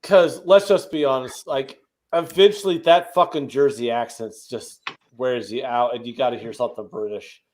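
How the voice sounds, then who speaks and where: A man's voice: medium pitch, moderate pace, a little mellow. A man from the American Midwest co-hosting a casual betting podcast, ranting emphatically and swearing often. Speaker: co-host.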